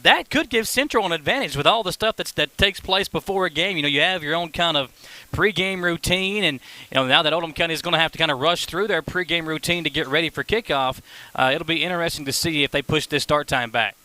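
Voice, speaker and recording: A man hosting a live high school football pregame show, with an energetic, brisk announcer delivery. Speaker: play-by-play broadcaster. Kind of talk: pregame sports broadcast.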